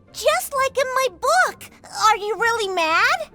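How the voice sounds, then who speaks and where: Spoiled, demanding little girl; very high, unhurried, game music underneath. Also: very animated, pushed and bright, heavily acted. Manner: whiny, demanding.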